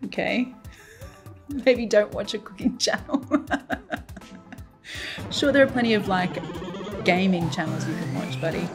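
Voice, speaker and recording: A woman's voice: mid-range voice, animated, measured pace, pauses often, over music. A middle-aged woman hosting a cooking channel, reading comments aloud in a playful, giggly way with frequent laughter.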